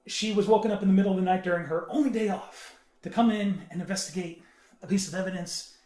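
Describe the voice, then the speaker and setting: Male podcast panelist, high voice, earnest and halting, in a roomy echoey room. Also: warm tone. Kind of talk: casual podcast chat. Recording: roomy echo.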